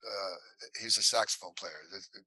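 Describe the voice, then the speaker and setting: An actor guest in an interview recounts stories from his career, animatedly acting out the voices of the people involved. His voice is deep and husky at a moderate pace, and the low-quality recording has no room sound.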